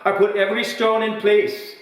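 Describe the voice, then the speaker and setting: A comedian putting on a grumpy old pub regular, high-pitched and indignant, stretching out his words. The voice sounds roomy and a bit distant from the mic, with heavy echo. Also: completely flat delivery, fairly bright tone. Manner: indignant, emphatic, drawn-out words. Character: bitter old male Scottish pub builder.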